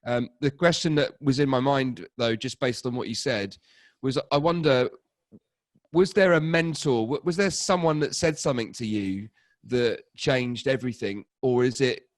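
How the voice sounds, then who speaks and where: A man's voice: medium pitch, moderate pace, no room sound, clean studio sound. A man hosting a casual livestream, talking in a loose, rambling way with frequent restarts. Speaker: livestream host.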